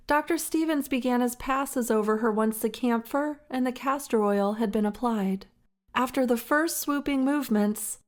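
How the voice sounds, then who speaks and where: High-voiced woman narrating a story. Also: darkish tone. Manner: slow, measured and dramatic.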